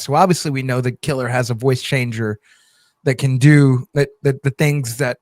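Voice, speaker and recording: A man chatting casually about a movie trailer in an animated way, restarting his sentences and saying "like" a lot. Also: mid-range voice, normal speed, dry recording, clean studio sound. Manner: animated, repeats words and restarts, says "like" often. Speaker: podcast co-host.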